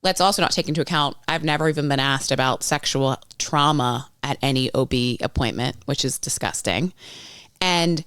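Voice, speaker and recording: A low-pitched woman in her thirties tells her story frankly on a podcast, swearing freely and slipping into the voices of the people she quotes. Her voice is smooth and clean. It is recorded dry and close, with no room sound. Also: moderate pace, a bit bright, no room sound. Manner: frank, swears freely, acts out others' lines. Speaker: podcast guest. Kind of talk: candid storytelling chat.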